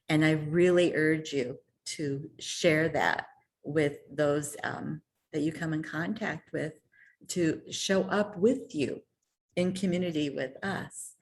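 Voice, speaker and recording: Woman faith leader, low voice, calm pastoral reflection. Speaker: minister leading the circle.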